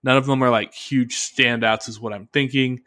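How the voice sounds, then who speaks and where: A man's voice: mid-range voice, steady tone, normal speed, sharp tone, dry recording. A man with a mid-range voice chats as a podcast co-host, easygoing and playful, asking curious questions. The sound is dry and close, with no room around it. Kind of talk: casual podcast chat.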